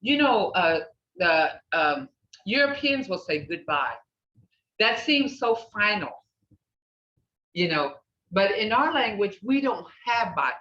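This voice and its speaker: Older woman teaching slowly in echoey room. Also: medium pitch, sing-song, fairly bright tone. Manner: repeats words slowly, checks in with "okay?". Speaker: language teacher. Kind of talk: classroom language lesson. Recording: echoey, distant, dull room recording.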